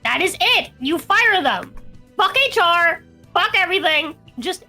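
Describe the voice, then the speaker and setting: A woman co-hosting a podcast with a high, lively voice that swoops up and down. She rants bluntly and swears constantly, with a bright, sharp edge. Faint music runs underneath. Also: unhurried. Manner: blunt, heated ranting, heavy swearing. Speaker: podcast co-host. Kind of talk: casual podcast chat.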